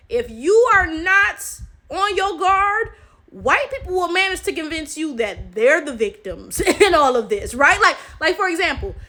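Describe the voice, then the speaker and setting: A woman's voice: high voice, pushed and bright. A young woman, giving emphatic casual commentary straight to her viewers. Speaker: commentary video host.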